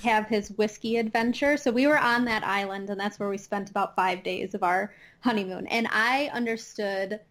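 A woman's voice: medium pitch, normal speed, few pauses, fairly bright tone. A woman from the Chicago area with a Midwestern accent, a guest chatting casually and laughing often. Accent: Midwestern American. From Chicago area, Illinois. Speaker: podcast guest, astronomer. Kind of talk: casual chat.

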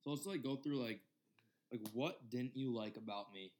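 A young man in his twenties talks on a casual podcast. His speech is loose and relaxed, with frequent fillers and plenty of swearing as he tells his story. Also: medium pitch, normal speed. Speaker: podcast co-host.

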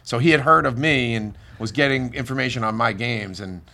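Poker dealer guest, male, bright and tense tone, casual, swears a lot. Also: mid-range voice, fairly quick, creaky. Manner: loose storytelling with frequent cursing. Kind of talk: casual podcast chat.

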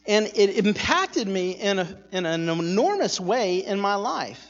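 Animated male preacher telling a story, moving from quiet asides to loud bursts; muffled, reverberant hall. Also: sits high, measured pace, hardly any pauses. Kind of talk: sermon storytelling. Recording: echoey hall, dull sound.

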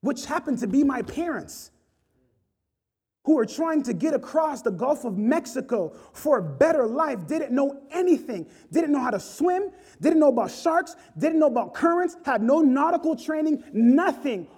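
A man's voice: very high-pitched, sing-song, normal speed, darkish tone. A man preaching an impassioned sermon, rising and falling in intensity. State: choked up with emotion.

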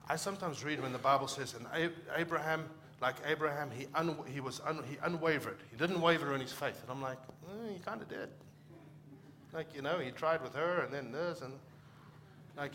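A man's voice: a little high, sharp tone, a little hiss or hum. A middle-aged man from Africa, a pastor preaching a conversational sermon and acting out short quoted exchanges.

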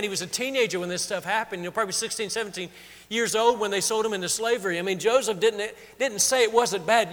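Speaking quickly in a fairly bright, high voice, this pastor delivers a conversational sermon in a big room. He voices the story's characters with mounting emotion.

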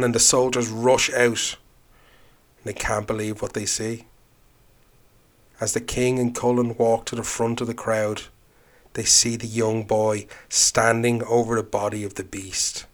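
A male storyteller telling an old legend aloud with measured, dramatic delivery. He slows down to stress key moments, in a medium-pitched voice. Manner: measured, dramatic, slowing for emphasis. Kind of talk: oral storytelling.

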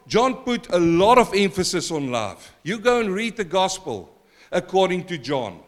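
Preaching as pastor in a church, this man sits high in pitch and swings between quiet stretches and loud, emphatic swells while calling on the congregation.

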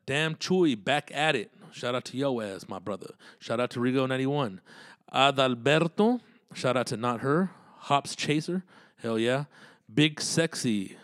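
A man's voice: mid-range voice, expressive, a little slow, a bit bright, dry recording, studio quality. A man hosting his own podcast, rambling in a loose monologue full of cursing and street slang. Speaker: podcast host and comedian.

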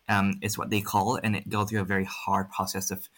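Vietnamese guy in his twenties, american accent, low and pretty monotone, talks frankly with fillers. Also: brisk, few pauses. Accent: American-influenced English, Vietnamese speaker. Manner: frank, candid, many fillers and rephrasings. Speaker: interviewee, international student. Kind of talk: casual interview answers.

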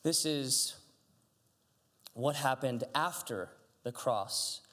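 A man's voice: medium pitch, extremely slow, fairly bright tone. A man, a pastor, giving a chatty, conversational sermon, telling stories animatedly with frequent restarts. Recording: long hall reverb.

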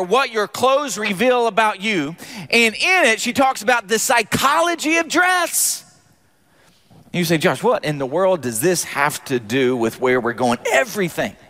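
Man, pastor, sermon, high voice, bright tone, joking with the crowd. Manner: animated, joking with the congregation. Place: church.

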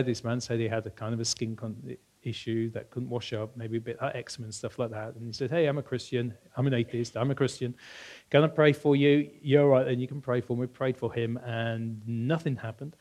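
A man's voice: mid-range voice, brisk, few pauses. A middle-aged man preaching a sermon in a church, conversational and anecdotal, often restarting phrases and lifting his voice for emphasis. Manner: animated, raises voice for emphasis. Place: church hall.

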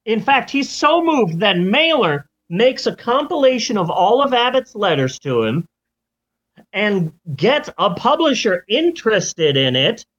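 A man's voice: high voice, very animated, unhurried, a bit bright. A man telling a story in a rambling, jokey comedic way, on a dull lo-fi recording.

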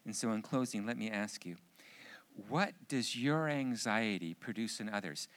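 Male pastor, lowish voice, earnest sermon to men, ends in fervent prayer. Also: normal speed, clear, resonant tone. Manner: earnest, repeats key phrases for emphasis; grows loud and fervent in prayer. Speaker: pastor speaking at a men's gathering.

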